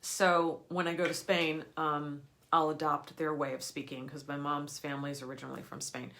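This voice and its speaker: A woman with a voice a little lower than most gives a live teaching talk as an energy healer. She explains her points earnestly and stresses key words with emphasis. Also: little pitch movement, moderate pace, creaky, a bit bright. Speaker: energy healer for people and animals.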